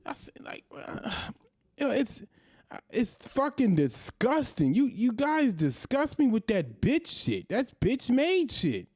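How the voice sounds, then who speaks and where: Heated man ranting with lively pitch. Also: slow, no room sound, clean studio sound. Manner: heated, profane, hammering rhetorical questions. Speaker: commentary host. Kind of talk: ranting monologue.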